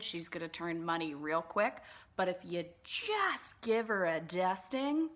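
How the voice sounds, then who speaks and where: A woman's voice: mid-range voice, fairly bright tone. Chatty woman doing a makeup tutorial, lots of "like", bubbly, whispers little asides here and there. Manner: bubbly and chatty, many "like" fillers. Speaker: beauty vlogger. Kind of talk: casual makeup tutorial chat.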